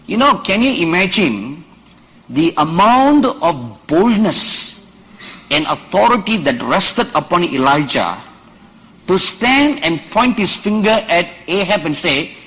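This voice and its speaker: A man preaching at a conference, acting out Bible dialogue and building to loud, emphatic peaks. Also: fairly high pitch, lively intonation, unhurried, poor audio. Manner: dramatic, acts out Bible dialogue, rises to shouts. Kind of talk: sermon. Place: conference stage.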